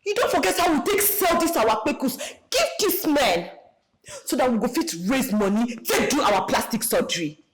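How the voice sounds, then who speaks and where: A woman's voice: sits high, very animated, normal speed, crowd noise. An actress with a Nigerian accent playing a mocking young woman who taunts her friend in English and Pidgin. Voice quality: sneering, mixes English and Pidgin.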